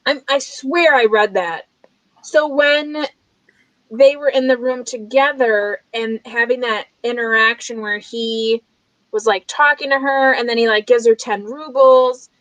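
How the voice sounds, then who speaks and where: A woman's voice: on the high side, unhurried, a bit bright, no room sound, rough recording. A woman guest in a casual book club discussion over a video call, chatty and strongly reacting.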